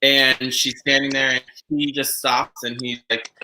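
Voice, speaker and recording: Guy hosting a chatty podcast, super bright voice, rambly and animated, little hiss behind. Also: medium pitch, measured pace, low-quality recording. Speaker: podcast host. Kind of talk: casual chat.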